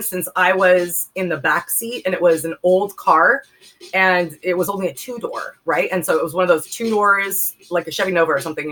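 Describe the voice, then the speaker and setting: A woman's voice: deep voice, a bit bright, rough recording. A woman in her forties from the Bay Area, telling a personal story in a candid, rambling way full of fillers. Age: 40s. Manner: rambling, emphatic, many fillers. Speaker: vlogger telling a personal testimony.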